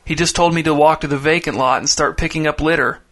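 A man reading aloud gives voice to a frightened young boy, timid and pleading. The voice sits slightly higher and bright. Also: steady tone, quick pace. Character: scared, scrawny twelve-year-old boy.

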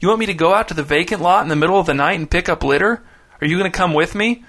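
A man's voice: high-pitched, rapid-fire, fairly bright tone. A man voicing a scared, scrawny twelve-year-old boy who speaks timidly and pleads in a storybook reading. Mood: pleading.

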